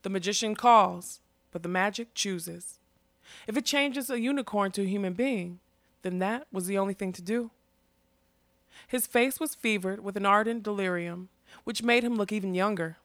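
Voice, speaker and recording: A woman narrating a fantasy story in a steady, expressive reading. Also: mid-range voice, normal speed, no echo. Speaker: audiobook narrator.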